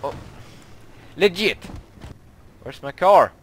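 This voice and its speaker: A young man, commenting on his own video game play, who gets excitable and yelps and shrieks when startled. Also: fairly high pitch, slow. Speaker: gaming YouTuber.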